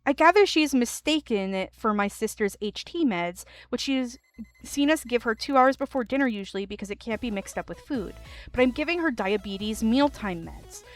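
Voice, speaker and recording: A woman streamer reading online stories aloud, with animated commentary and laughing asides. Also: fairly high pitch, moderate pace, no echo, soft background music.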